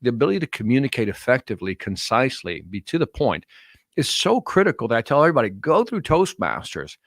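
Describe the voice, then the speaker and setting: A man's voice: mid-range voice, very animated, quick pace, dry recording. A middle-aged man speaks as a podcast guest, telling stories with eager, earnest energy. His voice sits in a middle register. It comes across dry and close, with almost no room sound. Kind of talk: casual podcast interview.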